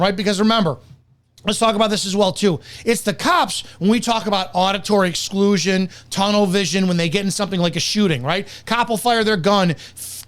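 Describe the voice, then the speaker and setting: A man's voice: sits high, a bit bright. A man hosting reaction commentary, heated and profane, berating the person he is reacting to. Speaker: commentator and host.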